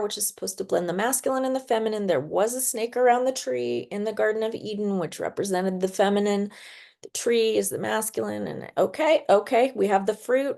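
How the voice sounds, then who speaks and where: A woman hosting a spiritual podcast, telling stories in a chatty way full of fillers and quick laughs. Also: medium pitch, gravelly, darkish tone. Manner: chatty storyteller, filler-heavy, laughs often. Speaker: podcast host. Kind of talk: casual spiritual podcast monologue.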